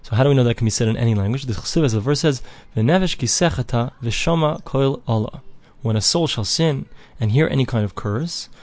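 A man's voice: mid-range voice, fairly quick, few pauses, darkish tone, no echo. A man giving a Talmud lesson, reading each phrase of the text aloud and then translating and explaining it in plain English. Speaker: Talmud teacher. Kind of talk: daily page Talmud lesson.

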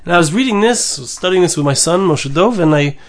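High-voiced man giving an earnest sermon. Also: expressive, a little fast. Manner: earnest, repeats phrases, mixes in Hebrew terms. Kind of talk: Torah lesson sermon.

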